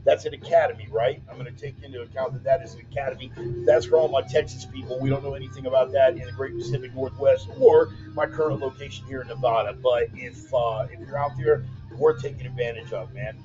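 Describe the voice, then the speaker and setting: A man's voice: medium pitch, fairly even intonation, fast, warm tone. A man hosting his weekly online show from a laptop, casually chatting and calling his listeners "man" and "brother". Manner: loose, joking, calls listeners "man" and "brother". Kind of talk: casual livestream talk reading viewer comments. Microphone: laptop mic. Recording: dull lo-fi laptop sound with music underneath. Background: bumper music.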